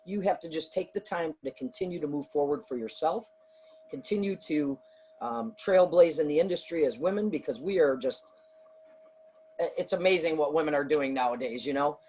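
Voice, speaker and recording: A woman's voice: deep voice, normal speed, dark tone, slight background noise, poor audio. A middle-aged woman, a business owner, answering interview questions in an earnest, rambling way with many fillers and restarts. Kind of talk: conversational interview.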